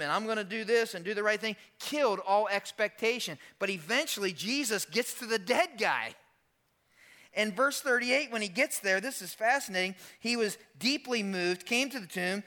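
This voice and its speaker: A male pastor preaching an Easter sermon, dropping soft and low, then building loud and high.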